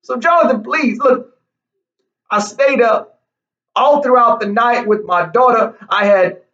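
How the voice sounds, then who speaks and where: A man's voice: extremely high pitch, unhurried, sharp tone, far from the mic, dull audio, full character voice. A man doing a comedic impression of an older male TV preacher, with a whiny, pleading drawl that repeats names over and over.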